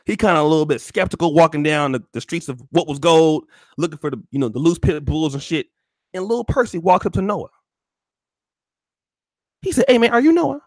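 A man telling a profane comedic story to his stream in animated, slangy talk. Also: on the high side, fast talker, dry recording, clean studio sound.

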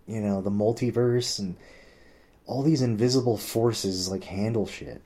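A man with a low voice tells a long personal story in loose casual chat. He swears constantly, leans on "like," and bumps his pitch up to act out what other people said. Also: steady tone, moderate pace, darkish tone. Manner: rambling, swears a lot, heavy use of "like"; acts out quoted people with pitch jumps.

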